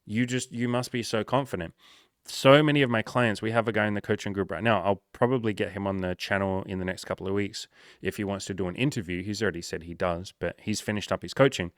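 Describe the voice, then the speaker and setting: A man's voice: on the low side, steady tone, fast, dry recording, clean studio sound. A man working as a dating coach, giving casual, frank advice with energy and plenty of swearing.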